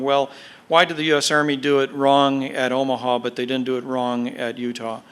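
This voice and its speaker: A man with a bright, forward voice lectures on military history to an audience. He explains in a measured, deliberate way, leaning on key words and dropping the odd filler as he goes. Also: medium pitch, fairly even intonation, clean tone. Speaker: guest speaker, military historian. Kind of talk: podcast lecture.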